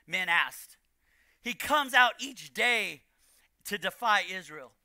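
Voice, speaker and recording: A man preaching a sermon as pastor, building to shouted emphasis and repeating key lines. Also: sits high, animated, slow, no room sound, studio quality. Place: church.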